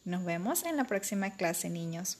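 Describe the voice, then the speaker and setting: A woman teaching a bilingual vocabulary lesson for children, speaking slowly, clearly and repetitively. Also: lowish voice, very animated.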